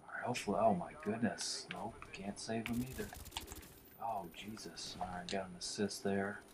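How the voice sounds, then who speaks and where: Narrating his own shooter match live, a gameplay commentator swears a lot and swings from muttered whispers to frustrated outbursts, referring to himself in the third person as the Warlock. His voice is on the low side and steady in tone, at a normal speed, with background noise.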